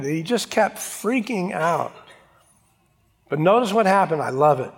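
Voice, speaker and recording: A man's voice: on the high side, expressive, normal speed, gravelly. Dramatic preaching man in a reverberant hall. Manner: dramatic, acts out Bible voices. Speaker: pastor. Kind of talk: sermon.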